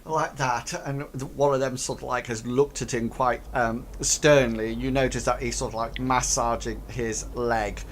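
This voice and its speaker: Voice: medium pitch, fairly even intonation, normal speed, hardly any pauses, a little hiss or hum. A game master narrating a tabletop game, hesitant and full of fillers.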